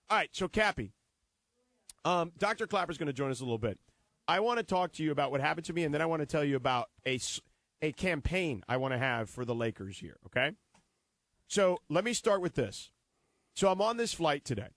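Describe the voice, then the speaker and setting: A man co-hosting a sports radio show, chatting casually, reading an ad and telling a story with lively acted-out bits. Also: on the high side, brisk, no echo. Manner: animated storyteller, acts out scenes. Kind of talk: casual radio banter and live ad read. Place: radio studio.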